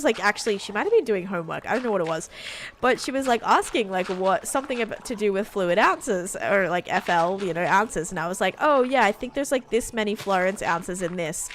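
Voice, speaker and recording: A woman in her twenties from Australia with an Australian accent, chatting casually with her viewers while playing a game. She rambles, uses many fillers and laughs often. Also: mid-range voice. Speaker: live streamer. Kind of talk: casual chat while gaming.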